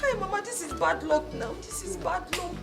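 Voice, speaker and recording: A distraught young Nigerian fiancée. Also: female voice, extremely high pitch, expressive, normal speed, vocal fry, over loud music, full character voice. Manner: wailing, pleading. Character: distraught young woman, engaged, emotional. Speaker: grieving fiancée. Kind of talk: film acting.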